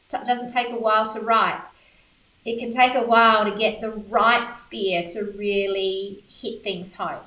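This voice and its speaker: A woman's voice: on the high side, a bit bright. A woman giving a business coaching lesson, upbeat and conversational with punchy asides. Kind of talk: instructional talk to camera. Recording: roomy echo, mic held at a distance.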